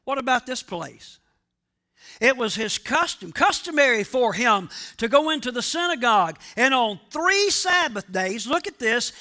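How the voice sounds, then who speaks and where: A man's voice: very high voice, sharp tone. A male pastor preaching a sermon, speaking emphatically and asking his congregation questions.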